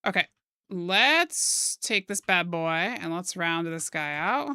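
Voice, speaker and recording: A woman's voice: on the low side, lively intonation, slow, bright, forceful tone, smooth, dry recording, studio quality. A playful young woman chatting casually and joking while she draws on stream. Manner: playful, goofy wordplay and silly put-on phrases. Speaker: streamer drawing live. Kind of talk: casual chat while drawing.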